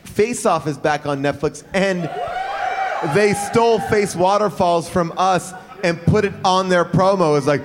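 A man's voice: high-pitched, measured pace, a crowd in the background. A man co-hosting a casual movie review chat, wry and rambling. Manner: wry, rambling, playful impressions. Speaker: podcast co-host.

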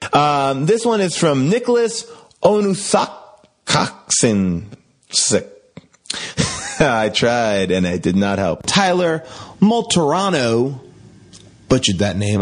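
A man's voice: fairly bright tone, dry recording. A man hosting a comedic question-and-answer segment, joking and sarcastic, reading out listener questions and mangling their names. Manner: joking, sarcastic, with sudden swings of pitch. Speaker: podcast host.

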